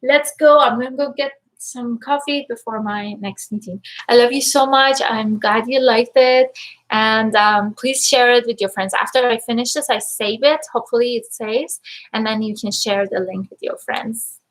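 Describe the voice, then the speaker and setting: A woman coach talking casually to viewers on a live stream, energetic and upbeat, effusively thankful and at times close to tears. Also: a little high, moderate pace, poor audio. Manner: emotional, near tears at times. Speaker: life and money mindset coach.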